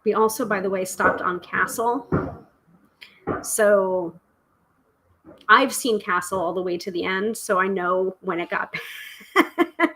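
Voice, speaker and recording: A middle-aged woman chats through a live stream, voice sitting at an ordinary middle pitch. She bubbles with enthusiasm, jumping between thoughts with fillers and restarts. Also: fairly even intonation, takes it slowly, pauses often, bright, forceful tone, slight background noise, poor audio. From United States. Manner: chatty and exuberant, with many fillers and restarts. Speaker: tarot reader and live stream host. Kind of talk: casual live stream chat.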